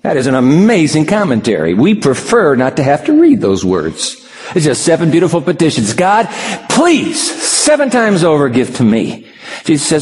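A man's voice: fairly high pitch, wildly swooping pitch, normal speed, darkish tone, in a large hall. A man preaching a sermon, acting out dialogue with dramatic shifts in his voice. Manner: dramatic, acts out voices of God and Peter. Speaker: pastor.

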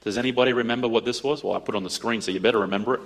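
A man telling a story to an audience, acting out the dialogue in an animated way. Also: mid-range voice, racing, husky. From Australia. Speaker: speaker addressing an audience. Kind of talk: storytelling talk.

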